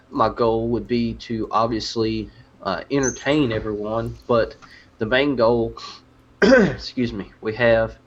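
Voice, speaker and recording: Earnest man on a lo-fi podcast. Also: on the low side. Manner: earnest, many restarts. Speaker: podcast guest. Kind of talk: casual chat. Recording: dull lo-fi audio.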